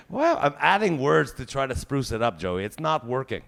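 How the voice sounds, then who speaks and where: Gravelly comic in his forties. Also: medium pitch, a bit bright. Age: 40s. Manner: crude, self-mocking storytelling with French swear words. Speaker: stand-up comedian. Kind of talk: live stand-up comedy.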